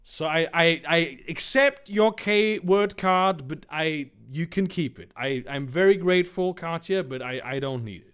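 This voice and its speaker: A man's voice: on the high side, unhurried, hardly any pauses, a bit bright, smooth. A man reading fanfiction aloud, breaking off into sarcastic, incredulous, swearing commentary.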